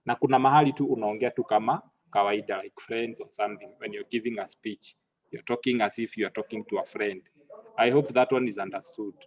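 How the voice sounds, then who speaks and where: A man lecturing an online class, halting and repeating words, slipping into Swahili now and then. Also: on the low side, fairly even intonation. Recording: muffled lo-fi audio.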